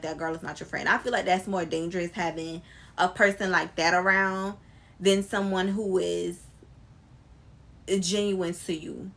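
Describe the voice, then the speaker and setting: Young woman, storytime vlogger, animated and emphatic, slangy casual talk, camera mic. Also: on the low side.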